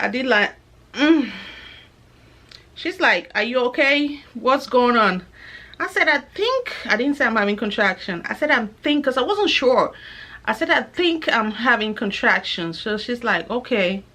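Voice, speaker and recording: A personal anecdote comes from a young woman vlogger with a fairly high voice. She tells it animatedly and casually, acting out each person she quotes.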